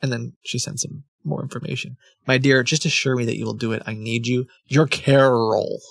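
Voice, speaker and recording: A man voicing a lovelorn woman pleading and scolding by letter, read aloud with a gravelly edge and close, dry sound. Her pitch sits in an ordinary middle range. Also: steady tone, normal speed, fairly bright tone, dry recording. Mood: insistent. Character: pleading, reproachful woman writing love letters.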